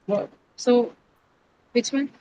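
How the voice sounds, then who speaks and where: A woman teaching pronunciation in a classroom. She explains step by step, quizzes her students, stops to correct herself and often pauses on fillers. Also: a little high, warm tone, low-quality recording.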